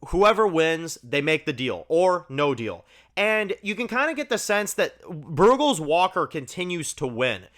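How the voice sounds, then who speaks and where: A man's voice: fairly high pitch, very animated, a little slow, a bit bright. A man hosting his review channel, talking through a TV episode in a loose, enthusiastic way, full of "like" and "you know". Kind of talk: casual spoken episode review.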